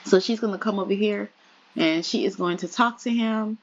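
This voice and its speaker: A woman's voice: medium pitch, normal speed. A woman casually commenting on a life-simulation game, chatty and voicing her characters' small talk. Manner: chatty, voices her characters' banter in quotes. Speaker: let's play gamer. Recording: slightly dull lo-fi audio.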